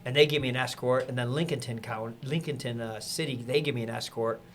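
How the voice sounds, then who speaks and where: A man, a podcast guest, telling a lively story in casual conversation and acting out the people he quotes. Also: mid-range voice, quick pace, a little hiss or hum. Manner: animated, acts out quotes with laughter.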